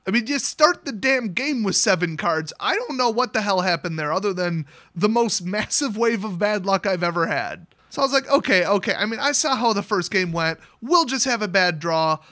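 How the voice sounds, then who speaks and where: High, bright-voiced man ranting casually. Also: normal speed, few pauses. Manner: animated, sarcastic, exasperated. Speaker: card game content creator. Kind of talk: casual storytelling rant.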